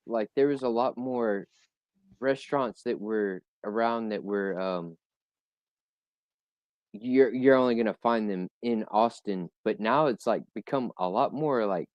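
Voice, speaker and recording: A man's voice: fairly low pitch, darkish tone, dry recording. A man in casual chat, talking hesitantly with many fillers and restarts.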